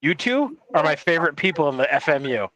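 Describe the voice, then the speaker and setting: A man's voice: fairly high pitch, big pitch swings, fast talker, fairly bright tone, low-quality recording. A man hosting a podcast, cursing and blustering through crude casual banter with his co-hosts. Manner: profane, blustering. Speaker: podcast host.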